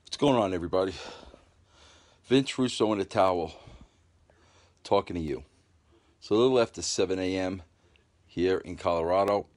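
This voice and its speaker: A man's voice: low-pitched, moderate pace, long pauses. A man chatting casually on a live phone stream from home, rambling with fillers and reading out viewer comments. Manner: loose, rambling talk with "bro" and many fillers; reads viewer comments aloud and replies. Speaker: livestream host. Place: at home, just out of the shower.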